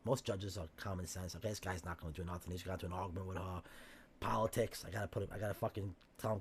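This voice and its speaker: A man's voice: sits low, a little mellow, slight background noise. A man with a New York accent talking heatedly as a podcast guest, swearing often and acting out what others say. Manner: fast, profane, acts out quoted voices. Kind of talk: heated casual chat, profane.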